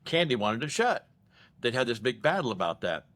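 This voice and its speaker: A man's voice: medium pitch, fairly quick. A man co-hosting a podcast, telling prison stories in casual chat and acting out the people in them. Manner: animated storyteller acting out voices. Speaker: podcast co-host.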